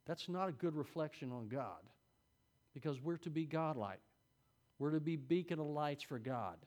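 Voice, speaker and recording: A middle-aged man teaching a Sunday school class, preaching in a folksy, conversational way with sudden loud peaks. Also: on the high side, animated, moderate pace. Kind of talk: sermon.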